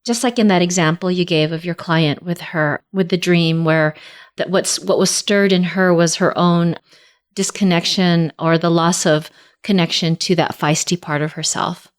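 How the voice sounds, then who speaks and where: A woman's voice: fairly low pitch, fairly even intonation, normal speed. Woman host asking a guest questions. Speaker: podcast host, therapist. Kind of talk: podcast interview.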